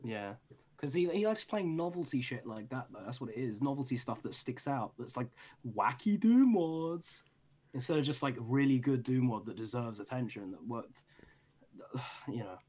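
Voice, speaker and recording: A man's voice: medium pitch, normal speed, a little mellow, husky. Crude, teasing young British man. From Britain. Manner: crude, teasing, laughs often. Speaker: podcast co-host. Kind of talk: casual podcast chat.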